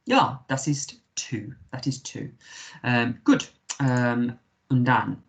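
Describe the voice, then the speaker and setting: A man's voice: medium pitch, animated, slow. A man with an English accent, a primary school teacher giving a recorded remote lesson, patiently sounding out words letter by letter.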